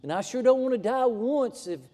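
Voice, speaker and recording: A man preaching from the pulpit in a folksy, emphatic style that climbs to fervent heights. His voice sits high for a man yet sounds dark and mellow. It rings out with the long reverb of a church sanctuary. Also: moderate pace. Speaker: pastor. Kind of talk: sermon.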